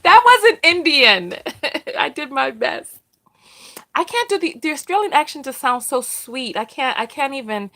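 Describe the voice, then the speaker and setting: A woman hosting a casual live discussion, animated and repeating her points for emphasis. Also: high voice. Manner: acts out quoted people. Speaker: host.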